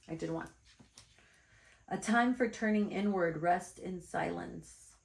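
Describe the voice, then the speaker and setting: A woman spiritual teacher talks straight to her viewers through a card reading, chatty and blunt, calling them her darlings. Her voice sits low with a gravelly edge. The room around her is echoey. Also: a little slow.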